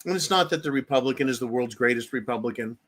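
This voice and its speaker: A man's voice: mid-range voice, quick pace, a bit bright. A middle-aged man hosting a political commentary show, ranting angrily with profanity and sarcastic mock quotes.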